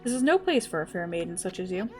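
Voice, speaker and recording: A woman's voice: fairly low pitch, sing-song, fast talker, soft background music. A woman voicing a blind old male earthbound spirit, reading his game dialogue in a formal, archaic manner. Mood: solemn.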